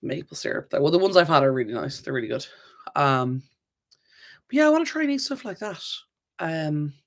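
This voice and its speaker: A woman's voice: deep voice, sing-song, moderate pace. A woman hosting a live-stream Q&A. She rambles in a chatty way, reads viewer comments aloud, laughs often and corrects herself mid-sentence. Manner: laughs often, many fillers and self-corrections. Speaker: channel host.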